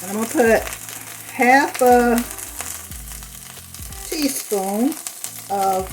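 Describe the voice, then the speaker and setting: A woman hosting a home cooking demonstration, chatty and unhurried, speaking to viewers as "you guys", a little hoarse from a lingering cough. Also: a little high, animated, a little hiss or hum, rough recording. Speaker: cooking channel host.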